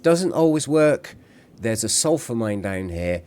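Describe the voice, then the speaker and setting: A man's voice: mid-range voice, very animated, measured pace, dark tone, a little hiss or hum. A man giving chatty, casual commentary over his own gameplay, at times apologising and humming to himself.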